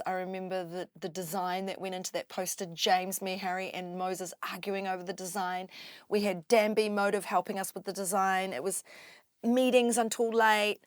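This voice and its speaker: A woman tells stories in a loose, chatty way and keeps slipping into the voices of the people she describes. Her voice sits at a middle pitch, and the recording is dry and close, with no room sound. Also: no echo. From New Zealand. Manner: animated, acts out quoted voices. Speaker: guest MC. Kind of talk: casual storytelling interview.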